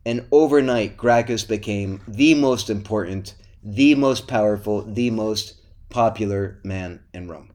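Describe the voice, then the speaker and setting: A man hosting a history podcast, telling the story in a lively, playful way and teasing his co-host. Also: lowish voice, measured pace. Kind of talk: casual history podcast chat.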